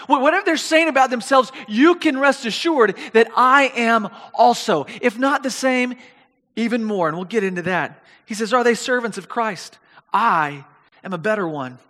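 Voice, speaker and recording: A man preaching a sermon, animated and reading scripture aloud, often repeating his words. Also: very high-pitched, moderate pace, long reverb tail.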